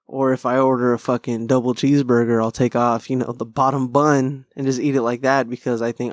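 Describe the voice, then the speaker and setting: A man's voice: mid-range voice, flat delivery, a little fast, few pauses, dry recording. A male podcast host rambles through a casual solo chat, swearing freely and poking fun at himself. His voice sits in a middle register. The close mic sounds dry, with no room around it. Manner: rambling, profane, self-deprecating. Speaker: podcast host and stand-up comic.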